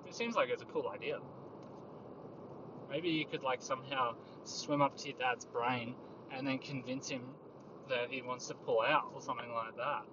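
A tired man hosting a rambling solo podcast from his car, musing in a crude, profane, darkly joking way. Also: medium pitch. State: tired, yawning. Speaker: podcast host. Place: inside a moving car on a mountain road. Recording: muffled lo-fi car recording with road noise. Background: engine and road noise.

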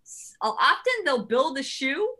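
A woman artist chatting as a podcast guest, animated and quoting herself often. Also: sits high, slow pace. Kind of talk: casual interview chat.

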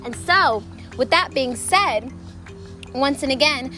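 A woman's voice: high voice, animated, slow pace, bright, forceful tone. A woman hosting a casual faith podcast outdoors, chatty and enthusiastic, with many fillers. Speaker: podcast host. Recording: music playing underneath.

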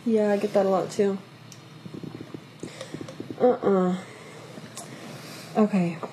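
A young woman co-hosts a casual podcast, chiming in with quick agreement and blunt, profane remarks. Her voice is mellow and dark, and a faint noise sits under the recording. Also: mid-range voice, steady tone. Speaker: podcast co-host. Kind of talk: casual chat.

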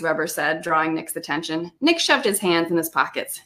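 A woman's voice: fairly low pitch, moderate pace, few pauses. A woman author on a video call reading aloud from her own novel, with laughing asides. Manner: lively reading with laughs and self-aware asides.

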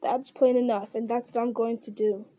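A woman voicing a gruff, stern male orc captain who growls out blunt orders in an audiobook reading. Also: fairly high pitch, fairly even intonation, moderate pace, mellow, dry recording, lightly acted.

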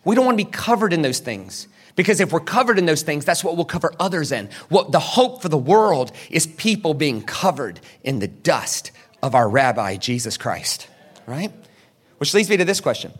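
A man's voice: a little high, big pitch swings, normal speed, breathy edge. A man preaching a sermon as pastor. He asks the crowd questions, answers them himself, and acts out the people in the story.

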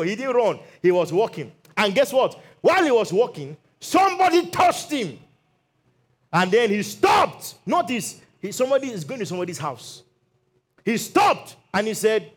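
A man's voice: high voice, normal speed, breathy edge. A male pastor preaching a sermon, telling Bible stories with acted-out quotes and calls for amen. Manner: animated storytelling, acts out Bible quotes.

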